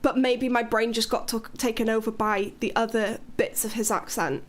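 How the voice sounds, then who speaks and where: A woman's voice: fairly high pitch, steady tone, moderate pace. A woman from Wales with a British accent, chatting casually on a live stream, rambling and frank with the odd swear word. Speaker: livestreamer.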